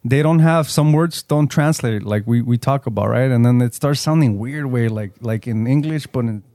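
A young man in casual podcast chat, his mid-pitched voice recorded close and dry with no room around it. He rambles, swears often and slips Spanish slang into his English. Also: moderate pace, dark tone, no echo.

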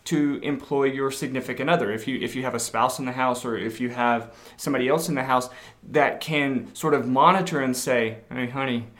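Thoughtful halting man, parenting talk. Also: medium pitch, a bit bright. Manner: thoughtful, halting, many restarts. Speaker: podcast co-host. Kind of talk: casual parenting advice chat.

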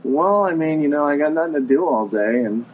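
A man's voice: a little high, lively intonation, brisk, slightly rough, rough recording. A middle-aged man guesting on a chat show, talking in a hesitant, musing way with many fillers. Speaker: guest impressionist. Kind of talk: casual chat.

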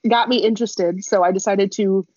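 A young woman chats her way through a long, rambling story, full of asides and quick laughs. Her voice is husky and a little breathy, and it comes through dry and slightly muffled on a lo-fi recording. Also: mid-range voice, fairly even intonation, a little mellow, no echo. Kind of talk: casual storytelling chat.

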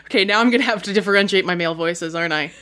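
A woman running a tabletop role-playing game, narrating playfully with quick asides and laughter. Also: medium pitch, fairly bright tone. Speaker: game master.

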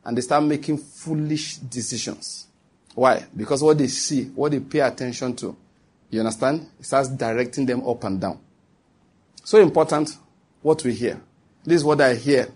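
A male preacher with a husky, breathy voice at a middle pitch delivers a sermon. He presses his points through repetition and keeps asking his listeners whether they follow. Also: normal speed, darkish tone. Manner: emphatic and repetitive, with asides to the listeners. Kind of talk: sermon to a congregation.

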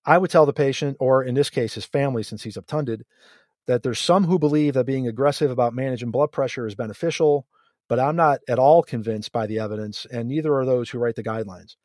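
A man, a guest emergency physician on a podcast, explaining his reasoning in a measured way. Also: mid-range voice, a little mellow, dry recording, studio quality. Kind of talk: podcast discussion.

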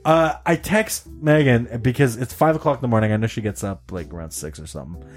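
A man telling a long story in casual chat, animated, laughing often and swearing freely. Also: medium pitch, fairly quick, faint music behind. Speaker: podcast host telling a story.

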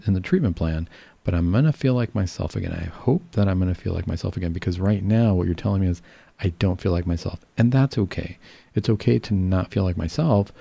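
Gravelly dark-voiced man, reassuring. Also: lowish voice, no room sound. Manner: calm, reassuring, explains patiently with fillers and restarts. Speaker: psychiatrist. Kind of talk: casual educational talk.

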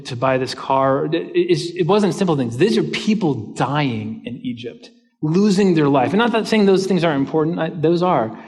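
A man's voice: a little high, in a large hall. A man preaching a sermon as a pastor, telling a personal story and acting out the lines people said. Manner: storytelling, acts out quoted dialogue.

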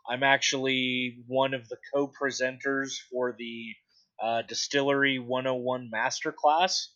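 A man's voice: medium pitch, little pitch movement, measured pace, fairly bright tone, lo-fi sound. A young man chatting casually on a podcast, blunt and profane, rambling with lots of fillers. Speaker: podcast co-host, distillery industry board representative.

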